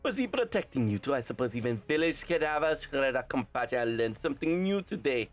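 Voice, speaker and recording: A young man reading a game's story aloud and voicing every part, animated and quick to correct his own slips. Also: medium pitch, faint music behind. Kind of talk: game script readthrough, voicing all parts.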